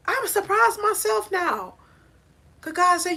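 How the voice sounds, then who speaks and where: A woman life coach gives a motivational faith talk on a live stream. Her talk is preachy and animated, and it often rises to near shouting. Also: extremely high pitch, measured pace, creaky.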